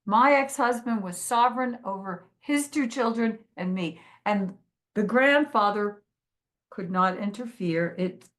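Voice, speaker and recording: A woman telling her own life story in an interview, earnest, quoting others as she goes. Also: medium pitch. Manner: earnest, quotes others in lively voices. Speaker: guest. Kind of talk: emotional personal storytelling.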